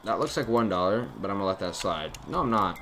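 Young man, lower voice, game commentary, jokey, talks to viewers, keyboard clicks behind. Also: expressive, fast talker, bright, forceful tone, a little hiss or hum. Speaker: gaming YouTuber. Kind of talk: horror game let's play commentary. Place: dark room at home. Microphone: desk mic, face cam.

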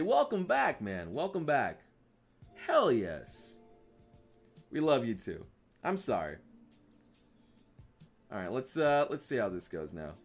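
Excitable, swearing young male streamer. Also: on the high side, measured pace, faint music behind. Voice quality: excitable, profane, laughs often. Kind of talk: casual live-stream chat, reading memes aloud.

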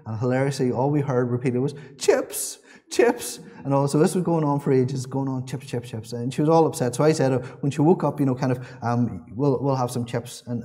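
A man's voice: medium pitch, darkish tone. A man preaching a sermon in a church, earnest and repeating his key phrases, with small restarts.

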